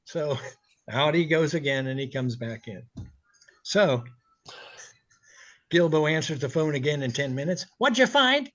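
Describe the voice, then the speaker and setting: Animated, profane male radio DJ. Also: on the high side, a little slow, long pauses, lo-fi sound. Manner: animated, profane, laughing anecdotes. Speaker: radio DJ guest. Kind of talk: casual storytelling.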